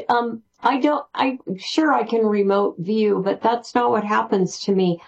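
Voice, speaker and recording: Slow-speaking woman guest on a dull line. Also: mid-range voice. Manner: excited, rambling with restarts. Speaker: spiritual author guest. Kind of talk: interview answers.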